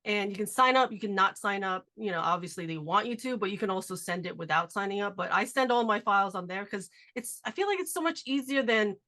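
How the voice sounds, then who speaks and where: Bright-voiced woman host with a nasal cold. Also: medium pitch, expressive. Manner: chatty, upbeat, fast asides. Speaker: podcast host. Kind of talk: casual podcast chat. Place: cold home garage.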